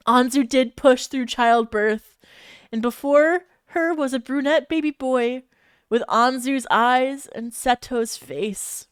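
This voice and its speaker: Woman streamer, fanfiction read-aloud, giggly reactions, slow delivery, dry close sound. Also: a little high, smooth, no room sound. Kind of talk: reading fanfiction aloud with commentary.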